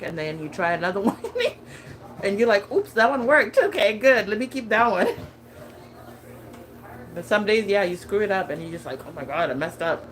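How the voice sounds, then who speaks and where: A woman's voice: fairly low pitch, poor audio. A woman in her thirties chatting casually as a lifestyle vlogger, laughing often and talking with many fillers and restarts. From California. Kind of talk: casual chat.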